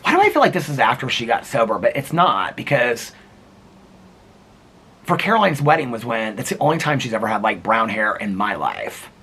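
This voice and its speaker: Male vlogger, husky and bright, rambling chatty storyteller, camera on a table at home. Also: medium pitch, very animated, normal speed. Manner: rambling, heavy use of filler words. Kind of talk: casual storytelling vlog. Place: seated in a chair at home.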